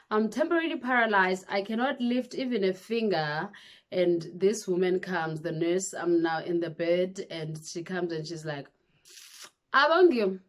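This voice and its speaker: A young woman, telling a personal story to camera in a casual, animated way. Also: mid-range voice, unhurried. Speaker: vlogger.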